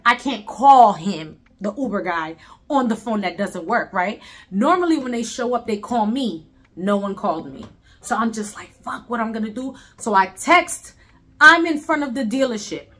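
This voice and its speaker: A woman from Brooklyn, telling a story in an animated, emphatic, profane way. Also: fairly high pitch. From Brooklyn, New York. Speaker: storyteller vlogger. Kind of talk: casual storytime.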